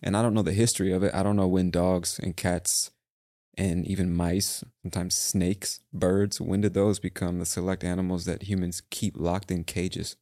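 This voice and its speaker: Hosting a podcast by himself, a young man delivers a meandering, foul-mouthed rant. His voice is low and warm but flat, at a moderate pace, in a dry studio-quality recording.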